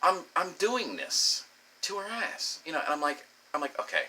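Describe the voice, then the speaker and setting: A middle-aged man telling a crude personal story, animated and swearing freely. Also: fairly high pitch, moderate pace. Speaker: comedic storyteller.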